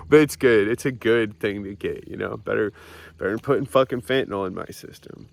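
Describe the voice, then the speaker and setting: In a dry recording, a young man with a mid-range, fairly bright voice and vocal fry talks a little fast. It's a handheld, outdoor hillside confessional vlog where he rambles profanely, mocks himself and restarts his thoughts.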